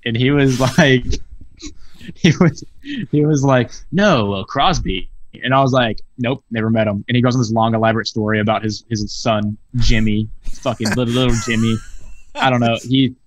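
A man's voice: mid-range voice, level tone, moderate pace, poor audio. A man in his twenties, a podcast guest, telling a story animatedly with frequent swearing over a video call. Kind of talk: casual storytelling chat.

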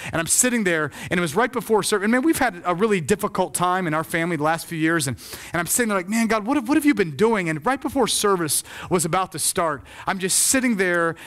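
Male preacher with a high voice, impassioned sermon delivery that rises and falls. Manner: impassioned preaching, swells loud then drops soft. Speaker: pastor.

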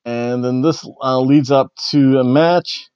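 A man's voice: medium pitch, steady tone, takes it slowly, a little mellow, smooth, no echo, highs cut off. A man hosting a podcast, giving a casual, rambling recap of a wrestling show and chuckling often. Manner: rambling, chuckling, slightly awkward. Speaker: podcast host.

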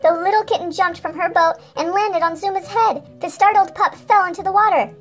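A woman hosting a toy channel, reading a children's storybook aloud in a bright, sing-song manner. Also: extremely high pitch, fairly quick, faint music behind.

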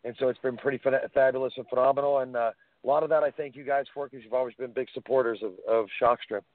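A man's voice: medium pitch, fast, no room sound. Man telling stories on a tinny phone line. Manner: enthusiastic storyteller, animated anecdotes. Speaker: guest, helmet pad inventor. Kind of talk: phone-in radio interview.

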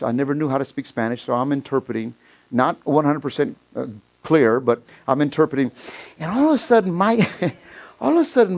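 Gravelly-voiced male preacher telling a story. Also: a little high. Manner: storytelling preacher, rising to loud excited peaks. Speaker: pastor. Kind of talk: sermon. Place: church.

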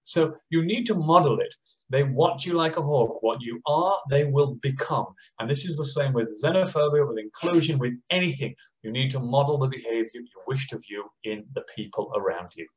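Passionate Australian man on a muffled call. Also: mid-range voice. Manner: passionate, acts out teachers and children in quick impressions. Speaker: education speaker. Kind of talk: online conference talk and Q&A.

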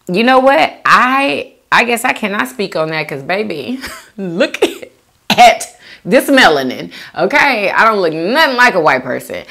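A young woman hosts a food video and chats casually while she reads out comments from her viewers. Her pitch swings widely and brightly from low murmurs up to high squeals. She laughs often and talks in easygoing slang. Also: creaky. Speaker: mukbang host reading viewer comments. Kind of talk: casual chat reading out comments.

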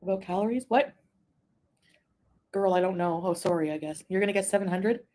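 A woman from Quebec chatting casually on a live stream, reading viewer comments, rambling and giggling, sometimes trailing off into a soft mumble. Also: medium pitch, brisk. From Quebec, Canada. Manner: rambling, easily distracted, giggly asides. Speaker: livestreamer.

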